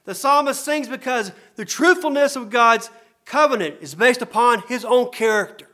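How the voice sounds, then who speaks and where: A man preaching a sermon as a pastor, earnest and repetitive for emphasis, dropping to soft murmurs and rising to loud, emphatic cries. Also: very high voice, normal speed. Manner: earnest, repeats phrases for emphasis.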